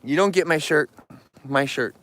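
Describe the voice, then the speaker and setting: A man's voice: a little high, moderate pace, a bit bright. A man live-streaming outdoors near bears, ranting about rude viewers and scolding the animals in a rambling chat.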